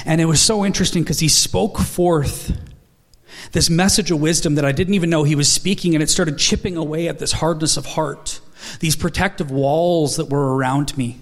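A man's voice: fairly high pitch, a little fast. Earnest man preaching a sermon. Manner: storytelling, earnest, quotes dialogue in his stories.

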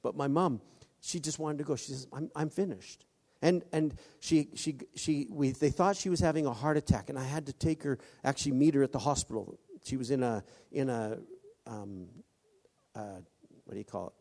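A man preaching a sermon, halting often with restarts and acting out quoted voices. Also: mid-range voice, dark tone. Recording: long hall reverb.

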